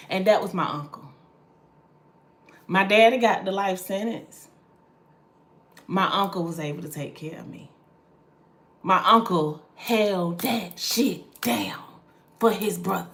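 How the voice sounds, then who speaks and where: A woman's voice: mid-range voice, measured pace, pauses often, a bit bright. A woman in her forties hosting a casual livestream as a spiritual reader, candid, swearing freely and drifting into tangents.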